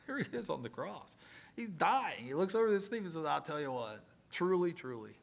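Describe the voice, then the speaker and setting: A male preacher giving a sermon, swinging from loud emphatic lines to quiet asides and joking with the congregation. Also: on the high side, very animated, moderate pace, creaky.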